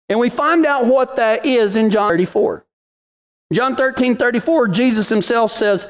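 A man's voice: extremely high pitch, darkish tone. A middle-aged man giving a folksy devotional talk, telling a story in cowboy slang before turning to scripture. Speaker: devotional podcast host.

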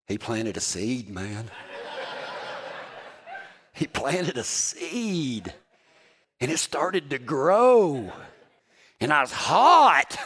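Man, forties, preacher, folksy joking storyteller, high voice, lively bright tone. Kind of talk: storytelling sermon.

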